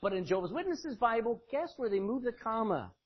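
Husky, animated male preacher. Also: very high voice, fairly quick. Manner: emphatic, calls on congregants by name to read verses. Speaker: preacher teaching a Bible study. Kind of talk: interactive sermon. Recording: dull lo-fi recording.

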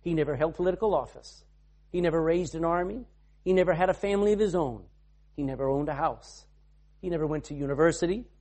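A man preaching a sermon, swinging from loud to hushed and reading scripture in old-fashioned wording. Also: on the high side, quick pace.

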